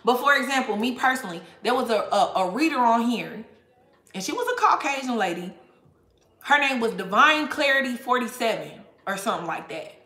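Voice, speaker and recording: A woman's voice: on the high side, very animated, fairly quick, sharp tone, echoey room. A woman tarot reader talking casually to viewers, blunt and profane, laughing often. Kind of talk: casual tarot reading livestream rant.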